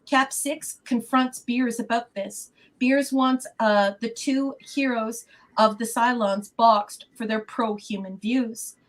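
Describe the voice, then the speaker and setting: A woman on a podcast panel, effusive and chatty, reading out and praising listener comments. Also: on the high side. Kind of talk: casual podcast discussion.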